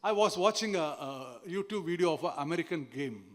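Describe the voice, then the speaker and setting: Indian guy giving a motivational seminar talk, voice on the high side, lots of hall reverb. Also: lively intonation, a little fast. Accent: Indian English. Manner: storytelling, questions the audience, acts out quoted voices. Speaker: seminar speaker. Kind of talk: motivational speech.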